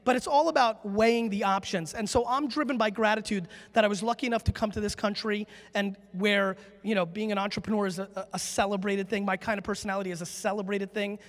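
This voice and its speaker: Brash, high-voiced man on a reverberant stage. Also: fairly even intonation, fast talker, hardly any pauses. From United States. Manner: brash, emphatic, profane, high-energy. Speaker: conference speaker. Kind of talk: live stage talk with audience Q&A. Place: large conference hall. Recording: long reverb from a conference hall.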